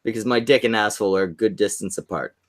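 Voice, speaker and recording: A man's voice: lowish voice, fast talker. A man with a Canadian accent, chatting crudely in casual stream banter, often stumbling and restarting. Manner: crude, hesitant, many restarts.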